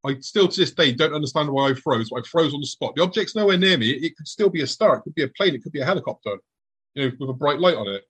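A middle-aged man telling a tense personal story to an audience, acting out his past thoughts in a hushed voice. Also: a little high, lively intonation, fast, slightly rough, low-quality recording.

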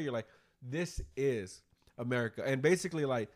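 A man's voice: medium pitch, quick pace. Profane, rambling podcast host, man. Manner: rambling, profane, animated retelling. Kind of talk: casual chat.

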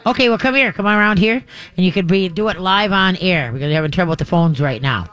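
Folksy high-voiced radio host. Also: male voice, quick pace, fairly bright tone, clear, resonant tone. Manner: rambling, folksy, many restarts. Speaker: radio show host, dog trainer. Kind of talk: live radio call-in advice from a remote broadcast.

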